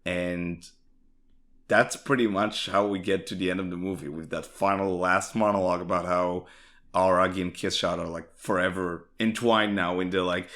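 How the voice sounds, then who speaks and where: A man's voice: low voice, steady tone, moderate pace, a bit bright. A man co-hosting a podcast, chatting enthusiastically and casually, swearing and using lots of filler words. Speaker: podcast co-host. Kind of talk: casual anime discussion.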